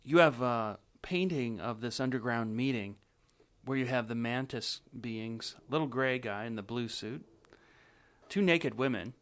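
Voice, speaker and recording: A male radio host leads an interview with a middle-pitched voice. He asks calm, probing questions about his guest's story. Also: a little slow.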